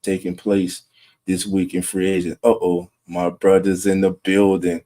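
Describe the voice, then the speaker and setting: Low-voiced New sports host. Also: male voice, completely flat delivery, measured pace, mellow. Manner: talking low and keeping it down; greets chat viewers by name. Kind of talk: casual late-night livestream chat. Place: home room at night with wife resting nearby.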